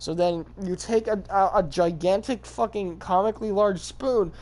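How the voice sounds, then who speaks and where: A young man streaming from home, rambling through a profane, absurd made-up story and jumping into high yelps when he does voices. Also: moderate pace, a little mellow, low-quality recording.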